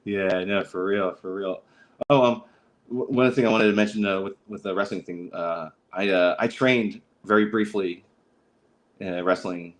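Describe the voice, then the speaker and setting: A low-voiced man hosts a casual livestream, drifting through his anecdotes with constant fillers, stops and restarts. He slips into quick voices for the people in his stories, then falls back to his easygoing chat. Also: fairly even intonation, slight background noise, low-quality recording. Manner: rambling storyteller, many fillers and restarts, acts out quotes. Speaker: podcast host.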